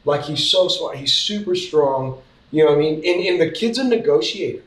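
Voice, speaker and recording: A man's voice: a little high, animated, moderate pace. A man talking casually as a parent in a group discussion, telling stories in a chatty way. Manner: storytelling, chatty, frequent "you know what I mean". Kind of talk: casual chat. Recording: echoey room, mic at a distance.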